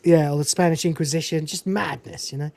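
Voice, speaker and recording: Animated, foul-mouthed woman recapping a film. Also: low voice, fairly quick, vocal fry, dry recording. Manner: animated, profane, digressive. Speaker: podcast host.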